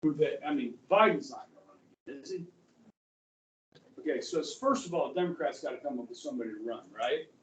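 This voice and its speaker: A man's voice: a little high, lively intonation, quick pace, slight background noise. A male history teacher giving a chatty, rambling classroom lecture and often checking in with students. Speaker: high school history teacher. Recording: echoey classroom from far off.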